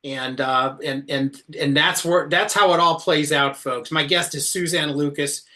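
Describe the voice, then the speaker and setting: A man's voice: fairly high pitch, fairly even intonation, measured pace, bright, forceful tone. A man hosting a talk show, interviewing a guest in a casual, folksy way. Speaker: podcast host.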